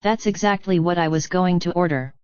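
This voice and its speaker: A woman's voice: fairly low pitch, fairly quick, darkish tone, clean tone, no room sound, highs cut off, close to an everyday voice. Woman voicing a cheerful, teasing young woman. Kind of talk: audiobook character reading.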